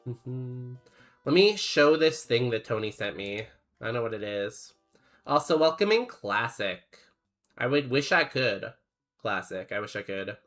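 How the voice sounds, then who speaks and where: A man's voice: medium pitch, expressive, unhurried, fairly bright tone, soft background music. A young man streaming a game, chatting casually and rambling as he reads chat aloud in a laid-back way.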